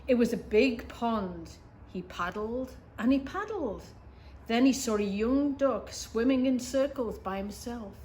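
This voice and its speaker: Middle-aged woman, storytime reader, lively and bright, faint background hiss. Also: on the high side, measured pace. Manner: expressive, gasps, asides to young listeners. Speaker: reader for schoolchildren. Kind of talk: picture-book read-aloud.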